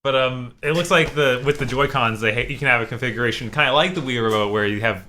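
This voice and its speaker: A man's voice: medium pitch, fast, bright, forceful tone. A man co-hosting a casual podcast chat, easygoing and agreeable. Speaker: podcast co-host, game store worker.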